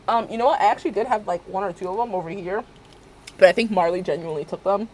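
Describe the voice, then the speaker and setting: A woman's voice: medium pitch, quick pace, a little mellow, a little hiss or hum. A woman streamer chatting casually while she plays a game. She tells rambling stories and acts out both sides of each conversation. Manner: chatty and rambling, with frequent fillers and self-corrections.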